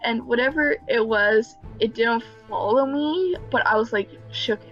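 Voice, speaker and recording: A woman's voice: fairly high pitch, a little slow, fairly bright tone, dull audio, soft background music. A young woman casually telling a personal story, rambling with many fillers and small nervous laughs. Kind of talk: casual story time narration.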